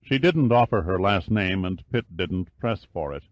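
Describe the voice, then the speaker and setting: A low-pitched man reads an audiobook in a measured, steady way. The recording is dry and close, with a slightly dull, muffled top end. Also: no echo. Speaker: audiobook narrator. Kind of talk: scripted narration.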